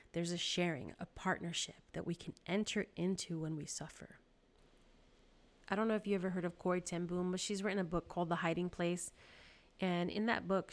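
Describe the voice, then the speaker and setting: Woman podcast host, devotional talk, earnest, gravelly, lowish voice. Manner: earnest, with frequent ums and soft whispered asides.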